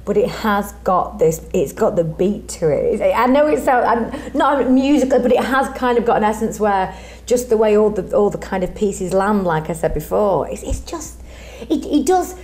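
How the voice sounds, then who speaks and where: A woman, an actress, answering questions on a chat show in a warm, rambling way with many restarts. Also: medium pitch, animated, normal speed, hardly any pauses. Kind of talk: casual interview chat.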